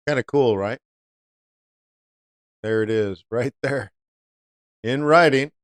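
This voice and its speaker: A man's voice: medium pitch, takes it slowly, no room sound. A man hosting a live-stream trading lesson, chatty, often asking viewers rhetorical questions. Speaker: trading educator.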